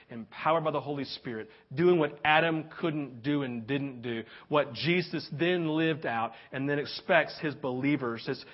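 Animated preacher man, lo-fi sound. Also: mid-range voice. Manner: animated storytelling, swings from hushed to excited. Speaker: pastor. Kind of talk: sermon.

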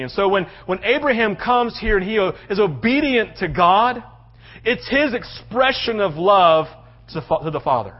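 A man's voice: sits high, normal speed. A man preaching a sermon as a pastor, telling the story dramatically and slipping into voices for the characters. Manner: animated storytelling, acting out voices. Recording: muffled lo-fi sound.

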